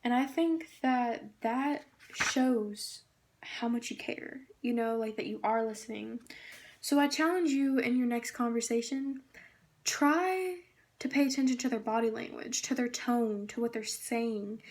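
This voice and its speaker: A woman's voice: fairly high pitch, measured pace. A young woman giving a casual presentation on a book, reading quotes aloud and gushing with many fillers. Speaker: student presenter.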